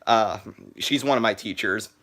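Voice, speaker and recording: A teenage boy live streaming from his phone, chatting in a halting way with lots of "uh" and "like" and restarted sentences. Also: fairly low pitch, a bit bright. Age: teens. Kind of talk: rambling live stream chat.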